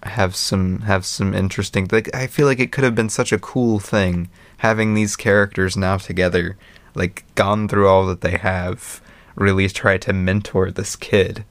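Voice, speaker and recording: A man with a fairly low voice talks through a film in a loose, rambling way, acting out bits of scenes as he goes. The sound is dry and close, with no room around it. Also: dry recording. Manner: rambling, animated retelling with quick mimicry. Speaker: podcast co-host. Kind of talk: casual movie review chat.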